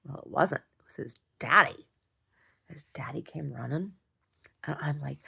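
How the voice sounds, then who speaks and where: A woman's voice: sits low, normal speed, gravelly, long pauses, pushed and bright, breathy edge. A woman rambling through a casual, self-deprecating video diary at home. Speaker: video diarist.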